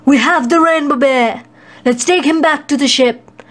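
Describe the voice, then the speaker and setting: A woman's voice: sits high, unhurried. A woman reading a storybook voices gloating hunters who have caught their prize. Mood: triumphant. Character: triumphant group of hunters.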